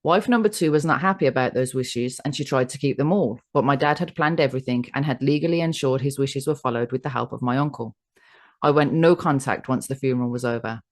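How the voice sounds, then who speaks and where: An English woman co-hosts a casual podcast. She reads posts aloud at a steady clip and drops in dry, short remarks. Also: rumbling low, brisk. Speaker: podcast co-host.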